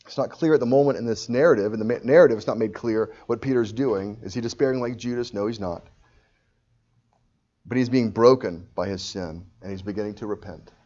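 A man preaching a sermon with passion, his voice swelling loud at high points. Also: brisk, lo-fi sound. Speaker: pastor.

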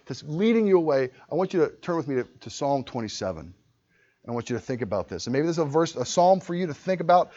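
Male pastor, fervent sermon delivery, lively pitch swings, muffled lo-fi recording. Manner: impassioned, swings from hushed to loud.

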